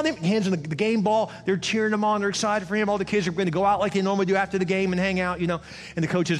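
A man's voice: high-pitched, fairly even intonation, fast talker. A man preaching a sermon, telling a story with acted dialogue and building to an emphatic call. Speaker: pastor. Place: church auditorium. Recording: large hall reverb with faint music.

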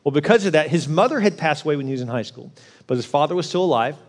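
A man delivering a sermon in a slightly higher-pitched voice. He tells his story earnestly and presses his points home with emphasis. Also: animated, very fast. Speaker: pastor.

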